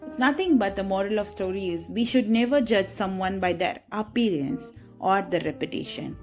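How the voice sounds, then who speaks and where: Woman reading kids a moral story, chatty, keeps asking right?, soft music under. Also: mid-range voice, moderate pace. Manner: chatty, asks listeners "right?". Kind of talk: children's moral story narration.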